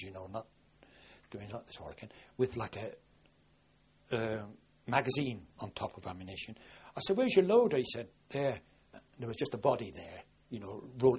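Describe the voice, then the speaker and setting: A man's voice: lowish voice, dull audio. An older man, a navy veteran, telling his wartime memories in a rambling oral history interview, full of restarts and quoted dialogue. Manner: rambling with frequent restarts, lively when quoting himself. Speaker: war veteran recalling service.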